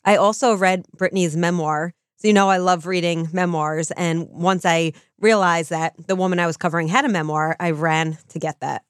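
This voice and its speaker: A woman co-hosting a true-crime podcast, explaining things in a measured, casual way. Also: fairly low pitch, fairly even intonation, clear, resonant tone, no room sound, clean studio sound. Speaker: podcast co-host.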